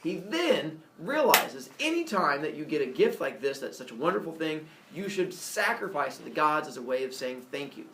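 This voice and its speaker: A man casually retelling a myth as a comedy story, animated, with jokey asides and lots of fillers. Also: a little high, moderate pace, few pauses, very noisy. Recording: echoey room, mic far off.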